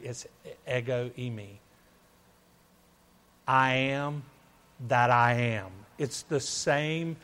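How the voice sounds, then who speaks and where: Slow, emphatic preacher man. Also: mid-range voice. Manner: emphatic, repeats himself, rhetorical questions. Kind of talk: sermon.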